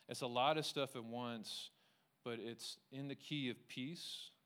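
A man with a smooth, clear voice gives a relaxed sermon to a small group. He talks like he's chatting, restarting his sentences and slipping into quoted voices, then moves into a closing prayer. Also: medium pitch. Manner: conversational, with frequent restarts and quoted inner voices; closes with a prayer. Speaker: teacher leading a Bible study. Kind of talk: informal sermon.

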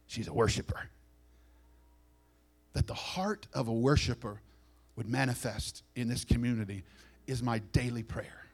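A man preaching as pastor, animated, acting out quick voices and dropping to soft asides. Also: mid-range voice, slightly rough. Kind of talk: sermon.

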